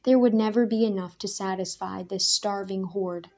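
Woman reading a story out loud, mellow warm voice, steady and expressive. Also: mid-range voice, moderate pace. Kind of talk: storybook narration.

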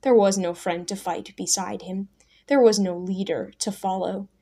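Woman, audiobook narrator, measured, even, mid pitch.

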